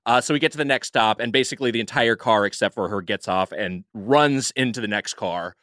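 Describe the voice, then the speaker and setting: A man's voice: on the low side, fairly quick, a bit bright, no room sound, clean studio sound. A man co-hosting a podcast, telling a long story in casual chat, full of fillers and restarts. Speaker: podcast co-host.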